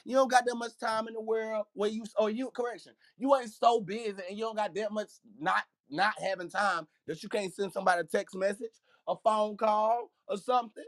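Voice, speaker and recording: Podcast host, male, animated preacher, bright delivery, dead-dry recording. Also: high-pitched, a little fast, few pauses, no echo. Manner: animated, emphatic, laughs often. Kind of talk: casual morning chat with preaching.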